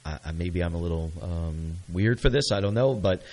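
A man's voice: sits low, moderate pace, darkish tone, low-quality recording. A man hosting a local radio show, talking casually and upbeat, coaching listeners and checking in with "okay?".

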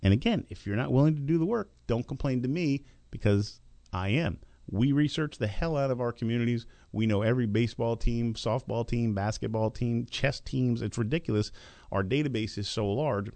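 A middle-aged male radio host with a gravelly, creaky voice lays out his business advice in an emphatic, lecturing way. His voice sits in the middle range, and the recording is dry and close, with almost no room sound. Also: mid-range voice, a little fast, darkish tone, no room sound. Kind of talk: business talk radio monologue.

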